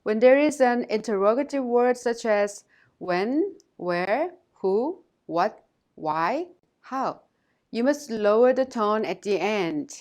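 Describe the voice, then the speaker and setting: A woman language teacher giving a scripted lesson, speaking clearly and carefully and saying words twice for learners to repeat. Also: a little high, expressive, slow, a little mellow.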